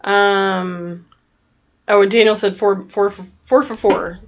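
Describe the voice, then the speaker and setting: Slow-talking Texan woman, lo-fi stream. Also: mid-range voice, steady tone. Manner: thinking aloud, hesitant guesses. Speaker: livestream co-host reading chat. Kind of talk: casual chat.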